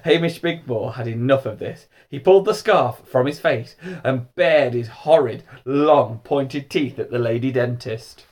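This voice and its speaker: A man reading a children's storybook aloud, narrating in a lively, expressive way. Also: medium pitch, unhurried, hardly any pauses. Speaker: audiobook reader.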